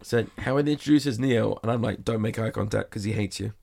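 A man's voice: fairly low pitch, a little fast, gravelly, darkish tone. A man guest telling a rambling anecdote in casual conversation, full of fillers and quoted exchanges. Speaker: guest, magician performer. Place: sauna.

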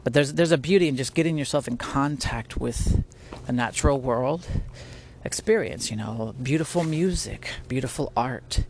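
Talking at a normal speed in a mid-range voice, a man hosts a casual, earnest podcast about faith from home, near spiders. He rambles, restarts, and laughs often, and background noise is audible.

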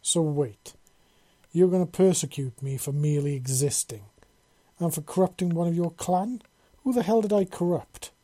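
A man's voice: mid-range voice, fairly even intonation, moderate pace, mellow, close to an everyday voice. A man voicing a defiant young half-alien man who throws out raised, indignant questions. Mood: angry.

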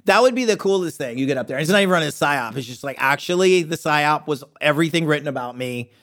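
A man's voice: fairly high pitch, lively intonation, quick pace, fairly bright tone. A middle-aged man as a podcast guest, joking irreverently and rambling through casual chat with lots of restarts.

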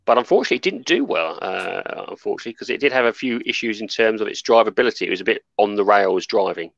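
A man's voice: lowish voice, animated, quick pace, creaky, a bit bright, no room sound. A man co-hosting a casual gaming chat, rambling and trailing off while he searches for names. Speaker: podcast co-host. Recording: dull, slightly lo-fi mic.

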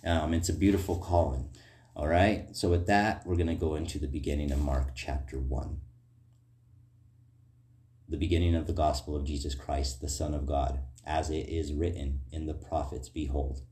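A man's voice: rumbling low, steady tone, normal speed, roomy sound. A man giving a rambling, earnest informal sermon, then reading scripture aloud. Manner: rambling, earnest, fillers and tag questions. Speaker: preacher.

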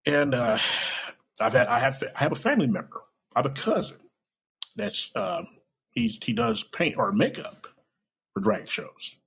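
A man talks in a casual, blunt monologue, swearing freely and acting out little quoted exchanges. His voice is gravelly and slightly husky, sitting a bit high and swinging widely in pitch. The recording sounds dull and lo-fi. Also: very animated, normal speed, long pauses, a bit bright. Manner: blunt, profane, rambling with quoted asides. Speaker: podcast host. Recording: lo-fi podcast recording.

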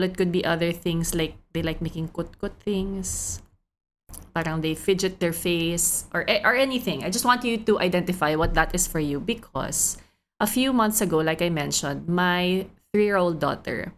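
A woman's voice: lowish voice, a little hiss or hum. A Filipino woman hosting a solo podcast, telling a personal story in a conversational, thoughtful way. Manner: conversational, thoughtful, mixing languages freely. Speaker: podcast host.

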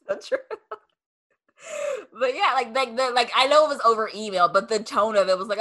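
Bright-voiced young woman hosting a podcast. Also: on the high side, lively intonation, measured pace, long pauses. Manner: chatty, lots of "like" fillers, acts out quoted replies. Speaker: podcast host. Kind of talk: casual podcast conversation.

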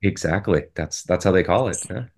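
Low-voiced rambling man discussing films. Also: a little fast, gravelly, a little mellow. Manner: rambling, restarts often. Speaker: podcast co-host. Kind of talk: casual film discussion.

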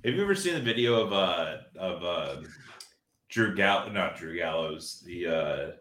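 Man, casual talk, halting, bright tone, echoey. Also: deep voice, animated, slight background noise. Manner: halting, many filler pauses. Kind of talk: casual podcast chat. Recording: roomy echo.

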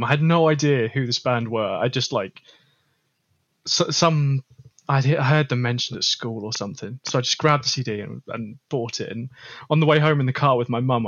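A man's voice: mid-range voice, fairly bright tone, no echo, lo-fi sound. A man, a band's guitarist, telling a story in a casual chat, with lots of fillers. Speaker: guest guitarist.

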